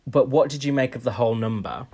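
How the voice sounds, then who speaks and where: A man's voice: mid-range voice, fast talker, dark tone. A man co-hosting a podcast, chatting casually and opinionated, with frequent ums. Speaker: podcast co-host. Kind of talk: casual chat.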